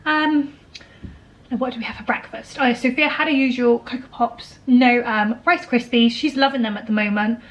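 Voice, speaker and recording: Tired, chatty woman, higher voice. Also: fairly even intonation, moderate pace, dull audio. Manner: chatty and self-deprecating, often laughing. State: tired, a little out of breath. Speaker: vlogger, homemaker. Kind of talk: casual kitchen vlog chat.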